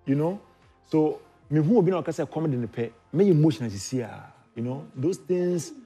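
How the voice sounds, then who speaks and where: Ghanaian male guest, a bit high-pitched, emotional and teasing, faint music. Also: animated, moderate pace, mellow, slightly rough. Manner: teasing, emotional, laughs often. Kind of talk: casual chat.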